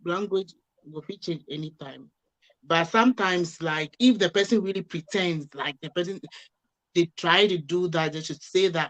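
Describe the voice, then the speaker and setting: A man with a Ghanaian accent speaking as a guest in a casual discussion, halting and restarting often. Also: a little high, a bit bright, poor audio.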